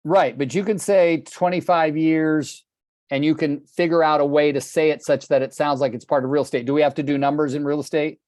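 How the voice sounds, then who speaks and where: A man's voice: a little high, steady tone, fairly quick, a little mellow, dry recording, studio quality. An older man coaching real estate agents on a group video call, telling stories bluntly and with passion, swearing casually.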